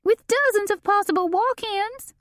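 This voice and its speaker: A woman doing a shrill, wailing socialite. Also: moderate pace, a bit bright, no room sound, clean studio sound. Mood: frantic pleading. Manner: wailing, pleading, melodramatic. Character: shrill, panicky, self-dramatizing society woman.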